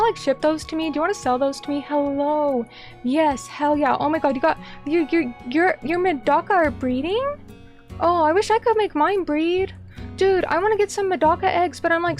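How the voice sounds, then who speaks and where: A woman streamer chatting casually with her viewers, excitable and gushing, breaking into rants. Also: high-pitched. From United States. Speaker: vtuber streamer. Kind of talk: casual chat reading viewer comments.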